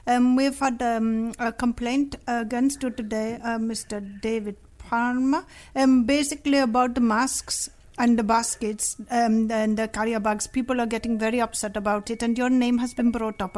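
A woman's voice: on the high side, darkish tone, lightly acted. Woman putting on a stern Indian-accented complaints officer. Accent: put-on Indian accent. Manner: stern, bureaucratic, full of hesitations. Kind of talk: prank phone call.

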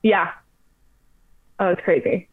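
A young woman in her twenties, a podcast guest, telling travel stories in a chatty, animated way with lots of "like". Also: on the low side, takes it slowly, slightly rough. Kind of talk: casual storytelling. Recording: tinny phone-like line.

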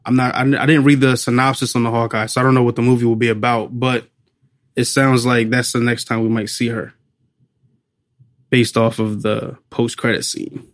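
A man's voice: medium pitch, little pitch movement, moderate pace. Chatty man co-hosting a movie podcast. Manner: chatty, laughs often, trails off searching for names. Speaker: podcast co-host. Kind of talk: casual movie review chat.

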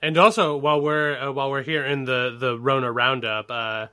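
Guy mocking stuff on a podcast, bright sharp voice, laughs, trips over words. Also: medium pitch, steady tone, moderate pace, smooth. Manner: mocking, laughing, stumbling restarts. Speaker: podcast co-host. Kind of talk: casual political banter.

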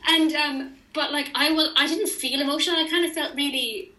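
Bright animated young woman. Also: high voice, fairly quick, reverberant, poor audio. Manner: animated storyteller who acts out quoted dialogue. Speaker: interview guest. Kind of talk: casual chat.

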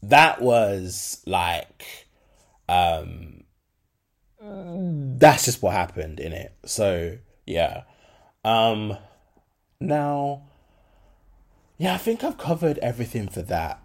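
A man's voice: fairly low pitch, big pitch swings, extremely slow, pauses often. A young adult man, hosting a solo podcast and talking candidly in slangy speech with many fillers. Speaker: podcast host.

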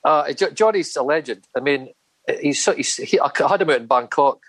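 A man, a podcast guest telling casual anecdotes in an animated way with laughs. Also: on the high side, fairly quick, no echo, low-quality recording. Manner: animated anecdotes with acted-out voices, laughing often. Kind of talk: casual storytelling chat.

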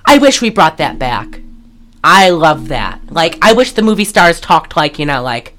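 A woman co-hosting a podcast, recapping a movie in casual chat, animated and profane, with lots of fillers and laughter. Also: low voice, unhurried, a little hiss or hum. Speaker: podcast co-host.

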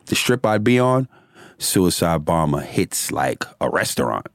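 Lively, low-voiced man telling stories. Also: a little slow, vocal fry, no echo, clean studio sound. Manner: animated, profane, laughs often. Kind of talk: casual storytelling.

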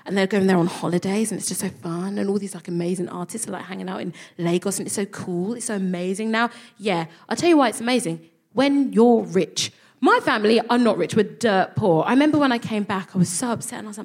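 A woman's voice: mid-range voice, quick pace. A woman, telling a comic story on a live stage, swearing freely and acting out the people in it. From England. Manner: animated, swearing, acts out voices, laughs at own jokes. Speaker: comedy podcast co-host. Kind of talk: live stand-up storytelling before an audience.

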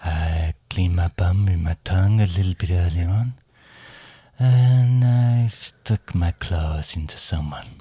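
A man voicing a grumpy, bored male house cat in an improvised comedy sketch, talking slowly and vaguely in a husky deadpan. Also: low voice, no echo, heavily acted. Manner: slow, vague, deadpan, mishears questions. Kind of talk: improvised comedy role-play.

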